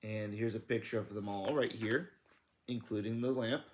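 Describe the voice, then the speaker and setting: A man's voice: lowish voice, fairly even intonation, normal speed, slight background noise. A man reading a children's book aloud in a casual, self-correcting way, stopping to comment. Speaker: read-aloud narrator.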